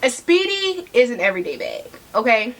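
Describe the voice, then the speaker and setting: A woman's voice: on the high side, sing-song, fairly quick. A woman vlogging about handbags in a sassy, chatty way, talking straight to her viewers while she eats. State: eating while talking, mouth sometimes full. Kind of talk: casual chat to camera.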